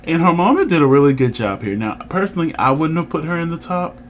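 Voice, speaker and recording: A male co-host with a slightly raised pitch, chatting through a casual show review. He leads the conversation, animated and teasing, with a faint hum of room ambience behind him. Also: quick pace. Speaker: podcast co-host.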